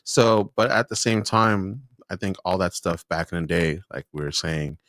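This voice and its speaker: A man's voice: sits low, normal speed, fairly bright tone, no echo, clean studio sound. A man speaking as a podcast guest, laid-back and slangy in casual chat.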